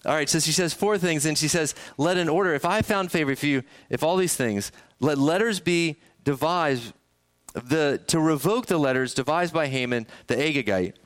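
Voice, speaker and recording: A man's voice: on the high side, moderate pace, a bit bright. A male pastor preaching a sermon in a conversational way, often putting questions to the congregation. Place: church sanctuary.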